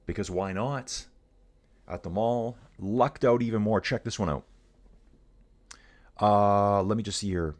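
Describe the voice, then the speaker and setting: Live bike race commentary comes from a chatty middle-aged man whose voice is low and deep. He keeps an easygoing, energetic buzz and repeatedly addresses viewers as dudes and guys.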